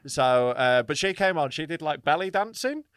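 Lively man telling a story. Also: a little high, normal speed, smooth, no room sound, studio quality. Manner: animated, sweary, laughs often. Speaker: podcast co-host and comedian. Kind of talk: casual storytelling chat.

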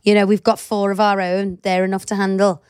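Woman co-host, 30s, lively chatty delivery, mid pitch, dry close mic. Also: fairly quick, smooth, no echo. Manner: chatty, animated, swears casually. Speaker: podcast co-host. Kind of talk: casual chat.

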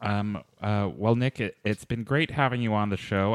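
Man, podcast host, hesitant, dry sound, lower voice. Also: measured pace, hardly any pauses, clean tone, no room sound. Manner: hesitant, lots of ums and uhs. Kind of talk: casual podcast chat.

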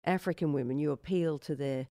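An interview host asking questions in a measured, articulate way. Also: mid-range voice, dark tone.

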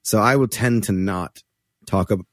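Low-voiced man telling loose, profane stories. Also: a little slow, dry recording, studio quality. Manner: loose, profane, animated storyteller who slips into voices for quotes. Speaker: touring musician guest. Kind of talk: casual podcast chat.

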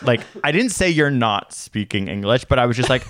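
A man's voice: medium pitch, moderate pace, few pauses, clean tone, no room sound. A young man co-hosting a podcast in casual chat, joking and teasing, telling stories with lots of energy. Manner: joking, teasing, animated storytelling. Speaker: podcast co-host.

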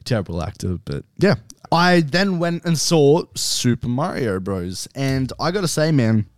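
A young man co-hosting a podcast in casual chat, relaxed and swearing freely. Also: medium pitch, no echo, studio quality. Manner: relaxed, swears often, drawn-out phrasing. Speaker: podcast co-host.

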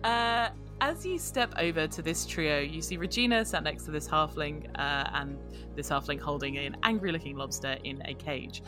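A woman's voice: low voice, normal speed, music in the background. A woman narrating a tabletop game as game master, chatty, with many fillers.

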